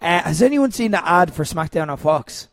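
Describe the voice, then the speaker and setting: High-voiced man, rambling podcast chat. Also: expressive, moderate pace, gravelly, a bit bright, no echo. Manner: rambling, lots of "like" fillers, swears. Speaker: podcast host. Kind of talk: casual wrestling podcast chat.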